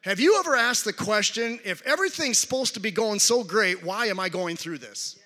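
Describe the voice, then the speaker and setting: A man's voice: high-pitched, expressive, normal speed, bright, forceful tone, big-room sound. A male pastor preaching a conversational sermon to his congregation, with frequent restarts and call-outs to the crowd. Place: large church hall.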